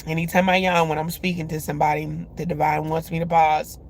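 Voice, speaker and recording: A woman's voice: low-pitched, flat delivery, a little fast, slight background noise. A woman hosting a love reading, talking casually to her viewers with lots of filler words. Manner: chatty, many filler words; speaks to viewers directly.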